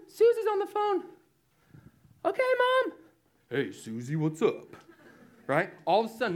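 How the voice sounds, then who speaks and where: Male youth preacher, fairly high and animated, keeps checking in with the crowd. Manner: lively, often asks the audience "right?". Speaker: youth speaker. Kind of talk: youth sermon.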